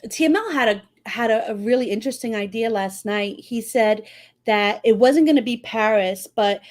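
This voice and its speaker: A woman from New York with a New York accent, hosting a casual podcast chat and laughing often. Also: on the high side. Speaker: podcast host.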